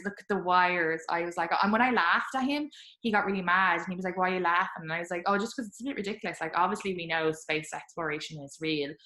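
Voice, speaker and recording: A woman hosting a podcast, telling candid stories in a chatty, animated way with lots of fillers. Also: mid-range voice, echoey room. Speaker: podcast host. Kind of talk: candid conversational storytelling.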